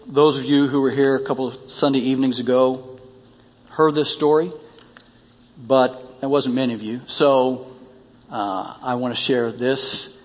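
A man's voice: medium pitch, fairly even intonation, unhurried, long reverb tail. A male pastor delivering a sermon, reading a story aloud and rising in emphasis on key lines.

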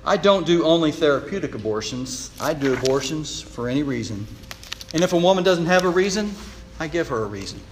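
A man's voice: on the high side, expressive, a little fast, a little hiss or hum, lightly acted. A male preacher voicing a troubled doctor, a man who earnestly confesses his despair and seeks help. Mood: desperate. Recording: long reverb of a large hall.

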